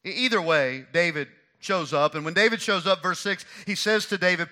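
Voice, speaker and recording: A man preaching a sermon, emphatic and repeating phrases for stress, swinging between hushed and loud. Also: high voice, lively intonation, a little fast, hardly any pauses. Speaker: pastor.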